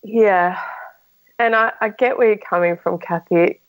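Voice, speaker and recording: A woman talks as a podcast guest, frank and open as she tells her own story. She often restarts her sentences and uses fillers. Her voice sits at an ordinary middle pitch. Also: unhurried, phone-quality sound. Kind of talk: casual conversation.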